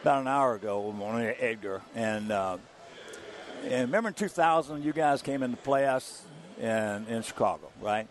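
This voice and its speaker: An older man, a former ballplayer, telling stories as an interview guest in an animated, chuckling way. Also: medium pitch, normal speed. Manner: animated storyteller, chuckling through anecdotes. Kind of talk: anecdotal interview storytelling.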